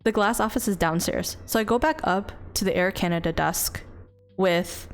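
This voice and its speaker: A woman's voice: mid-range voice, moderate pace. A woman streamer tells a long story in a loose, chatty way. She keeps restarting sentences and throws in the odd swear word, and faint music plays behind her. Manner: rambling, lively, with many restarts and casual swearing. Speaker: VTuber streamer. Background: faint background music.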